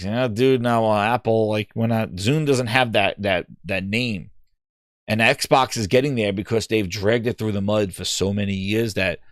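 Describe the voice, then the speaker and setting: A man's voice: on the low side, no echo, studio quality. A man hosting a gaming podcast, talking in a rambling, casual way with lots of fillers and restarts. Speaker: podcast host.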